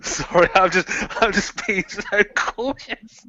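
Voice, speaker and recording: Over a lo-fi video call, a man playing a tabletop horror game describes his character's actions in a high, sharp-toned voice at a slow pace. He rambles and restarts, filling his speech with "sort of" and "like."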